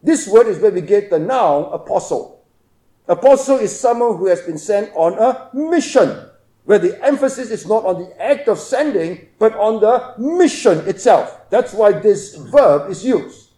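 A man preaching an expository sermon, emphatic, swinging between loud stresses and hushed asides. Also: high-pitched, animated, measured pace, roomy sound.

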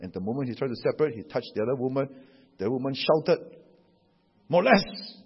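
Animated Singaporean pastor, husky voice. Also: male voice, medium pitch, fast. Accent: Singaporean English. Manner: animated storytelling, tags with "huh?" and "you know". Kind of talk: sermon with anecdotes. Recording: dull echoey hall recording.

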